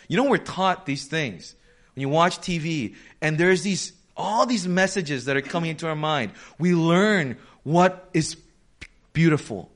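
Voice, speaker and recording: Conversational male preacher, fairly high voice. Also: fairly bright tone. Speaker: pastor. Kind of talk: sermon.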